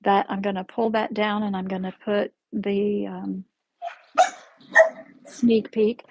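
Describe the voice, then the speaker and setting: A woman hosting a casual live-stream quilting lesson from her sewing room, chatty and friendly, often pausing to correct herself. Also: medium pitch, vocal fry, a little mellow, low-quality recording. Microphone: camera in the room, with her stepping back from it.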